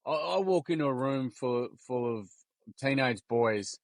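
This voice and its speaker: A man, telling stories in a casual interview in a blunt, matey, energetic way. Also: mid-range voice, unhurried, dry recording. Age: 40s. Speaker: guest, workshop founder.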